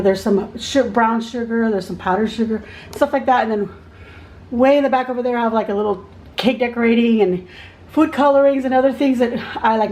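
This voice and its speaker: A woman's voice: a little high, darkish tone, poor audio. A middle-aged woman from Texas giving a casual, rambling tour of her kitchen and pantry as a vlogger, often searching for words. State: out of breath. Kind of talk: casual home tour chat. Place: home kitchen.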